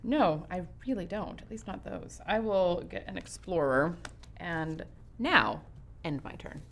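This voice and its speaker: A woman playing a board game with friends, thinking out loud about her moves, hesitating and restarting. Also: on the low side, expressive, unhurried, gravelly. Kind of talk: casual play and chat.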